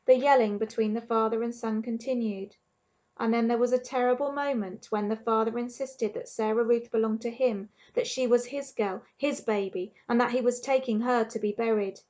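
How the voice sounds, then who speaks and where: A woman teacher with an English accent reading a storybook aloud to her class in an expressive, measured way. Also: fairly high pitch, highs cut off. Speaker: primary school teacher.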